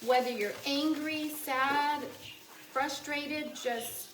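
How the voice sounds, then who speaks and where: A woman hosting a casual cooking livestream from her home kitchen, chatting and greeting viewers with sudden excited squeals. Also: high voice, very slow, reverberant, heavy background noise.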